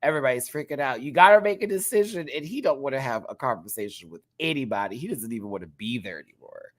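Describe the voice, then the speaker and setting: Deep-voiced lady doing a live tv recap, super lively, teasing and chatty. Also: fast. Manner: animated, chatty, teasing, laughs often. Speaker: reality TV reviewer host. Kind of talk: live episode review commentary.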